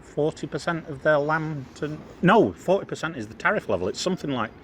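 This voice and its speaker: A man's voice: fairly high pitch, a little fast. A man from the UK co-hosting a casual political podcast. He chips in often, asks questions and laughs easily. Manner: animated, interjecting, laughs easily. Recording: faint background noise, outdoors with wind.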